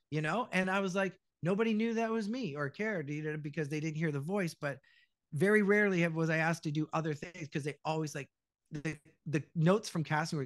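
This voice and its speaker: Animated middle-aged man telling stories. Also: on the high side, fairly quick, no echo, clean studio sound. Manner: animated storyteller, acts out quotes, swears freely. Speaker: podcast guest, voice actor. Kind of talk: casual podcast chat.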